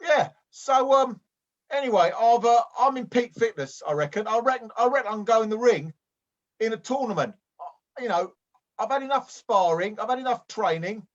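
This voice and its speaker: A man's voice: very high-pitched, expressive, moderate pace, dull audio. A man voicing a hapless, lonely amateur boxer who rambles earnestly with many restarts, improvising comedy over a video call. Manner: hesitant and rambling, full of restarts. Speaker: improv performer.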